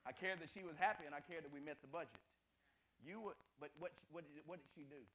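A man preaching a sermon as pastor, telling a lively personal story in a casual, conversational way with big swings in intensity. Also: high voice, unhurried, long pauses, slight background noise, rough recording. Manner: animated storytelling with rising and falling intensity; conversational, uses "y'all" and casual grammar.

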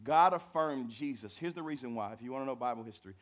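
A man preaching a sermon in a folksy, conversational way, talking straight to the congregation and swinging from loud declarations to hushed asides. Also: mid-range voice, expressive, fast talker. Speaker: pastor.

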